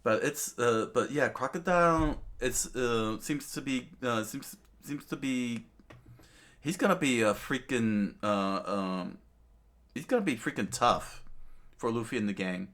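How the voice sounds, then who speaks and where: Bright-voiced middle-aged man, rambling. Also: medium pitch, measured pace. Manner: rambling, many fillers and restarts, "you know what I'm saying". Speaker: channel host reading and commenting on manga. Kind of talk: casual commentary.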